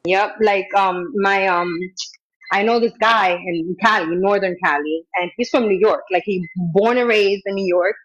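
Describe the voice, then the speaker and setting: A woman's voice: mid-range voice, measured pace. A woman from New Jersey with a thick North Jersey accent, chatting casually and swearing freely. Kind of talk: casual chat. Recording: dry, dull lo-fi audio.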